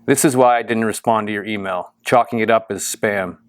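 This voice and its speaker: A man's voice: on the low side, fairly even intonation, a little fast, clean tone, no echo, lightly acted. A man reading the lines of a skeptical male computer scientist on a phone call, wary and dismissive.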